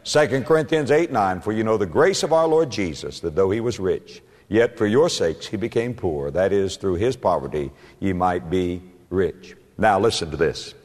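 A man preaching a sermon, stressing key words by slowing down and rising in pitch. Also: expressive, darkish tone. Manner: emphatic preaching, slows and rises on key words. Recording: long hall reverb.

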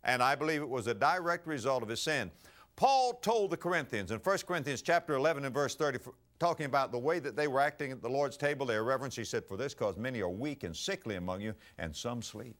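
A middle-aged male pastor preaching a sermon, telling stories with acted-out voices and swinging between soft asides and loud bursts. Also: medium pitch, animated, fast talker.

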